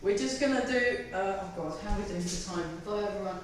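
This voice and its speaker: A woman's voice: medium pitch, quick pace, a little hiss or hum. A woman leading a tai chi fitness class, counting reps with chatty, self-mocking asides and giggles. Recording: echoey room, voice from far off the mic.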